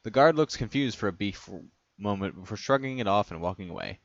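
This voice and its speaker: Low-ish guy reading stories out, snarky, bouncy delivery, dry muffled mic. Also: expressive, a little fast, no echo. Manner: sarcastic, laughs at his own remarks. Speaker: reader and commenter. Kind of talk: reading fan stories aloud with commentary. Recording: dull dry lo-fi recording.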